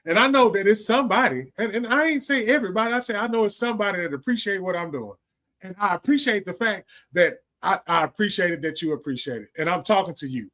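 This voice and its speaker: High-voiced man preaching on a livestream. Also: lively intonation, quick pace, pushed and bright. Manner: preachy, repetitive, profane, streetwise slang. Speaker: livestream host. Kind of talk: casual motivational monologue.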